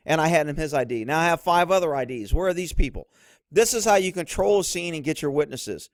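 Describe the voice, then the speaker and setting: A middle-aged man with a high-set voice explains police work in a blunt, instructive way. The recording is dry and close, with no room sound. He talks like a veteran who has seen it all. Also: quick pace, dry recording. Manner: blunt, instructive, drops low to mimic others. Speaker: commentator, former police officer. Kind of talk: commentary over police footage.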